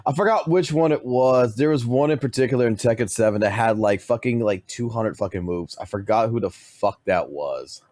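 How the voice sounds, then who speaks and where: A man's voice: medium pitch, lively intonation, normal speed, few pauses, darkish tone, dry recording. A man streaming live, talking casually and swearing constantly as he rants to his chat. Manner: profane and blunt, swears constantly.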